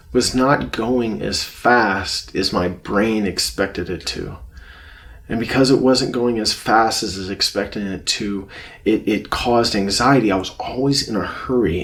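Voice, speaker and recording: A man teaching a self-help course lesson on anxiety, speaking in a gentle, reflective way and often repeating phrases for emphasis. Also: mid-range voice, gravelly. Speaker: course instructor.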